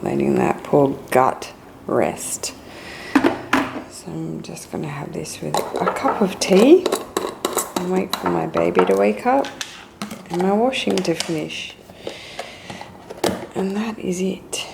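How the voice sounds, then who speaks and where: A young Australian woman speaks low and slowly, sounding tired and weak as she chats directly to her vlog audience. Her casual talk comes through a handheld camera mic with clear background noise around her. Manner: chatty, talks straight to viewers. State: tired and weak after illness. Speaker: vlogger. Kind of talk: casual daily vlog chat. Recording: noisy handheld vlog audio.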